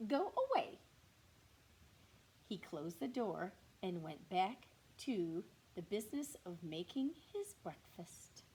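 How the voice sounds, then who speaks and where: A woman teacher reading a picture book aloud to young children, slow and expressive, with whispered asides to the class. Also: fairly low pitch, breathy edge. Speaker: kindergarten teacher.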